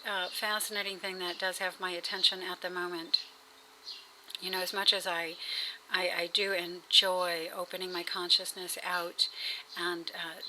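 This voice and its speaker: A woman's voice: lowish voice, bright, forceful tone, a little hiss or hum, low-quality recording. A woman talking in a casual video diary, rambling and hesitant, with many fillers and restarts. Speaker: vlogger. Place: at home.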